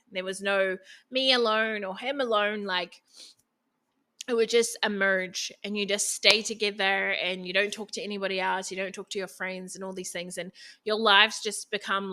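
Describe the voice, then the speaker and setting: A woman's voice: medium pitch, pushed and bright. A young woman hosting a podcast, giving frank relationship advice in a chatty, casual way, full of fillers and quoted asides. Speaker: podcast host.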